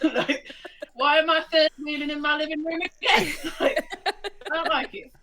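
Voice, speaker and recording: A woman with a bright, slightly high voice chats with friends over a video call. She giggles and teases as she talks. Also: flat delivery, normal speed, a little hiss or hum. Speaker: streamer chatting with friends. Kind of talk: casual chat on a live stream.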